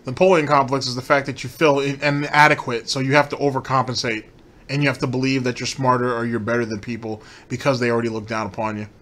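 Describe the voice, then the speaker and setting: A man's voice: medium pitch, level tone, quick pace, fairly bright tone. A man hosting a commentary show, ranting profanely and incredulously about a streamer's clips. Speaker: commentary host.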